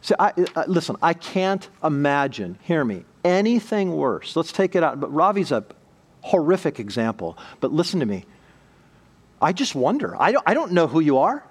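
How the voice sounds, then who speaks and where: A middle-aged pastor preaching a sermon with emphatic, repeating bursts of speech. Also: male voice, a little high, very animated, moderate pace, breathy edge.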